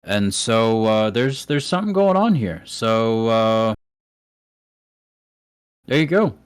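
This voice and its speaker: A man narrating a tabletop game as game master, halting and pausing often. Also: on the low side, big pitch swings, clear, resonant tone, no room sound. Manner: halting, full of fillers.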